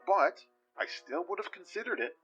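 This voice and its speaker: A hesitant, fumbling detective in an audio drama, played by a man. His voice is bright and lively, stumbling over his words. The sound is dull and lo-fi with faint music behind. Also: high-pitched, moderate pace. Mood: awkward. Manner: hesitant, fumbling, self-deprecating. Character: awkward man detective in a trench coat.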